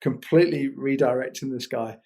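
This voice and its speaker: A man's voice: mid-range voice, steady tone, a little fast, mellow. A British man telling a rambling story as a guest in a casual interview, laughing often and restarting his sentences. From Britain. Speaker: guest, paraglider.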